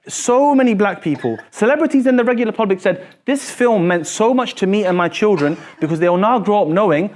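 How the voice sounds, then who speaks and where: A man teaching a classroom lesson, quizzing his students with quick repeated questions in an animated way. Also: high-pitched.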